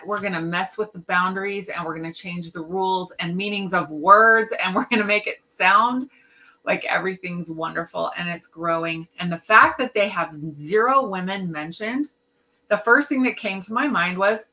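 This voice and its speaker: A woman's voice: medium pitch, bright, forceful tone. A middle-aged woman in a casual podcast discussion, voicing emphatic, indignant opinions. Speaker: podcast co-host.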